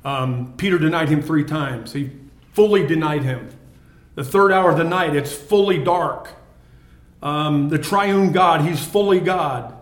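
A man reading a Bible passage aloud and stopping to explain it to a study group, with pauses and restarts. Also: a little high. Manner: reads scripture then explains it with pauses and restarts. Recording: echoey room.

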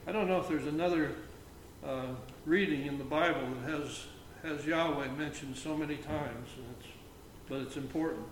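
A man leading an informal Bible reading, reflecting haltingly with many fillers and restarts and reading the verses aloud slowly. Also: fairly high pitch, recorded from a distance. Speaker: Bible study leader. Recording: echoey room with faint ambient noise.

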